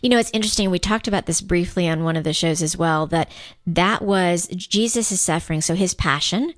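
A woman's voice: on the low side, a little fast, no room sound, studio quality. A woman co-hosting a talk show, speaking reflectively and laughing easily. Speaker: co-host. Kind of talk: casual radio chat.

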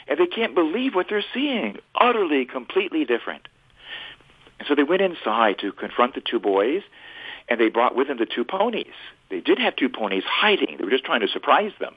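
A man, a priest, tells a story on a radio talk show in an animated way. His voice is husky and swings widely in pitch. It comes through a tinny, phone-like line. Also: a little fast.

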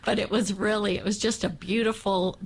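A woman guest on a radio show, telling a personal story in a lively way and acting out the people in it. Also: mid-range voice, brisk, slightly rough. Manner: animated, acts out voices in her story.

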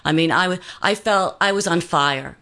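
A woman's voice: fairly low pitch, moderate pace, pushed and bright. A woman guest telling a personal story in an earnest, meandering way, full of fillers and restarts.

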